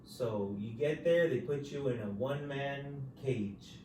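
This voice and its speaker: A man's voice: mid-range voice, measured pace, dark tone. A male podcast host in casual chat, laid-back and profane, tacking "dude" onto nearly every phrase. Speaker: podcast host telling prison stories. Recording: roomy echo, voice far from the mic, faint ambient hiss.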